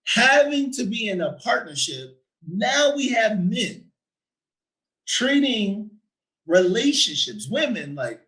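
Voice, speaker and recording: Animated man, quick "right?" tags. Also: high voice, rough recording. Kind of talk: casual conversation.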